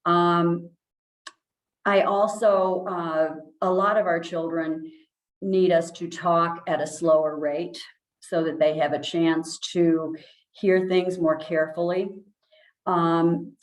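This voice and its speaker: Low-voiced woman explaining in an echoey room. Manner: calm, explanatory, many ums and restarts. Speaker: speech language pathologist. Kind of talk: informal presentation.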